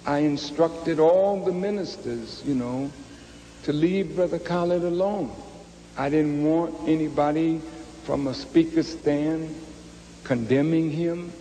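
Male leader at a podium, warm dark tone, slow grave delivery, echoing hall. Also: fairly high pitch, slight background noise. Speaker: religious leader. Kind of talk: public address. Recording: long hall reverb on archive recording.

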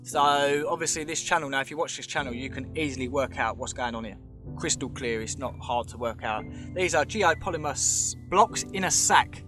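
A man's voice: medium pitch, moderate pace, music in the background. An English man giving a casual, emphatic vlog commentary, talking straight to his viewers and calling them mate. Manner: chatty, emphatic, keeps saying "mate", talks straight to viewers. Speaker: vlogger.

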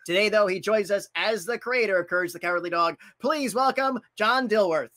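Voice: medium pitch, fairly quick, pushed and bright. Panel host over a noisy line. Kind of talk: hosting an online panel.

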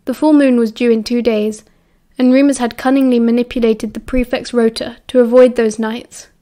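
British woman, audiobook narrator, steady measured storytelling, slightly high voice. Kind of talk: audiobook reading.

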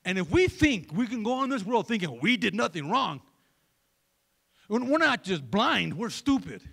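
Male pastor, sermon, animated pitch swings, loose and joking with the congregation. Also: moderate pace, gravelly, slightly rough. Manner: conversational, joking, asks the crowd for replies.

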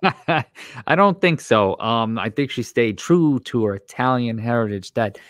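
Laid-back Rhode Island co-host. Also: male voice, mid-range voice, lively intonation, a little slow, fairly bright tone, no room sound, studio quality. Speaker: podcast co-host. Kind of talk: casual chat.

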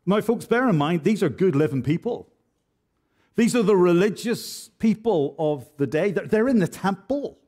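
A man's voice: high voice, lively intonation, normal speed, darkish tone. A man preaching an expository sermon in church, earnest and direct, with frequent rhetorical questions. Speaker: pastor.

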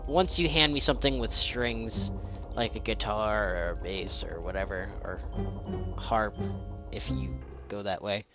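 Bright rambling let's play guy. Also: fairly low pitch. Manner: rambling, self-deprecating. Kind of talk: gameplay commentary.

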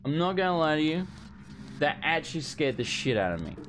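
A man's voice: fairly high pitch, big pitch swings, brisk, fairly bright tone, a little hiss or hum. A young man streaming a blind let's play, talking to himself as he gets lost and frustrated, swearing often. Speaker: gaming streamer. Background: game music.

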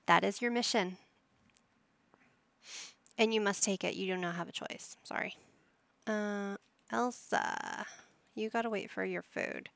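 A woman's voice: mid-range voice, creaky, no room sound. A woman giving casual commentary while playing a life-sim game, coaxing and scolding her characters like a playful parent. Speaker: gaming YouTuber.

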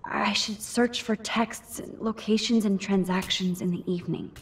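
An actress voicing a young female photography student in a video game, calmly musing to herself. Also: mid-range voice, normal speed, far from the mic, slight background noise, natural voice.

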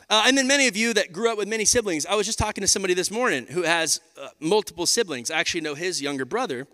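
Animated pastor in a reverberant hall. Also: male voice, sits high, very fast, hardly any pauses. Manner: animated and conversational, addressing the crowd as y'all. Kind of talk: sermon. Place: large church auditorium. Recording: live hall with long reverb.

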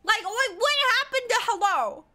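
A young woman streaming a game, joking and swearing in animated, loose commentary and laughing often. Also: extremely high pitch, moderate pace. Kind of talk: casual live-stream gaming commentary.

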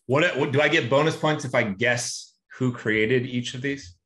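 A man's voice: medium pitch, normal speed, a bit bright. Male guest, frank and fed up, conversational. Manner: blunt, exasperated. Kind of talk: casual chat.

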